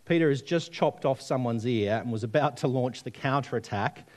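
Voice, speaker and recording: A man's voice: mid-range voice, moderate pace. A man preaching a sermon, telling stories and asking the congregation questions. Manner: storytelling, conversational, asks the audience questions.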